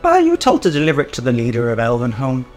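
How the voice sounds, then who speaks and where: A man narrating a tabletop game as game master, rambling with many pauses and fillers. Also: medium pitch, huge pitch swings, soft background music. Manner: rambling, with many ums and uhs.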